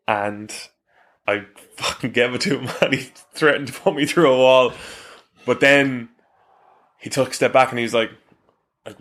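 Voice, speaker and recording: A man's voice: medium pitch, little pitch movement, moderate pace, a bit bright. A man in his thirties, a rugby player being interviewed, telling frank stories with swearing and laughs. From Ireland. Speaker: professional rugby player, guest. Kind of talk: casual interview chat.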